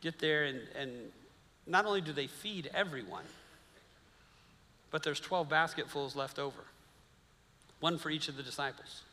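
A pastor in his fifties preaching a sermon in a relaxed, storytelling way, acting out the voices of people he quotes and adding joking asides. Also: fairly high pitch, normal speed, long pauses, long reverb tail. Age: 50s.

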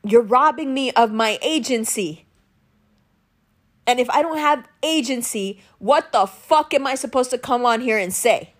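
A woman's voice: on the high side, unhurried. A young woman hosting a show, giving a raw, profane, emotional monologue. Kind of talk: candid monologue.

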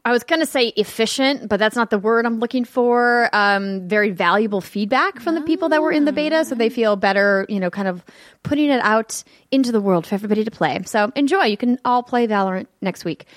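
A woman co-hosting a gaming news show, chatting casually and reading news items with quick asides. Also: on the high side, no room sound, studio quality. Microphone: headphones and studio mic.

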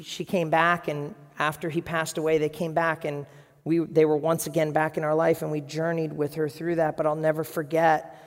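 A pastor preaching a sermon in a dramatic, conversational storytelling way, dropping to a hush and rising again. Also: medium pitch. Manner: dramatic, acts out voices in quotes, swings from hushed to loud. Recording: long reverb of a large hall.

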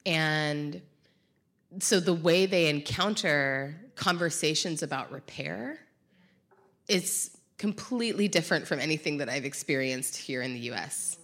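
Woman with a low voice, reflective, pauses to find words. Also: a bit bright. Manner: thoughtful, searching for words. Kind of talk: reflective conversation.

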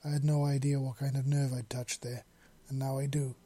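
A man voicing a gentle, earnest young male clawed creature in a read-aloud story, speaking sincerely and softly, with a dark, husky tone. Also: medium pitch, level tone, fairly quick, no room sound, lightly acted. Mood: earnest apology. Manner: sincere, apologetic, softly spoken.

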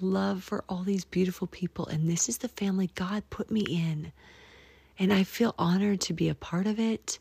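A woman's voice: on the low side, steady tone, moderate pace, vocal fry, warm tone, husky, dry recording. A woman from the United States hosting a casual podcast monologue, chatty and rambling, often sinking to a near whisper, with prayerful asides. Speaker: podcast host.

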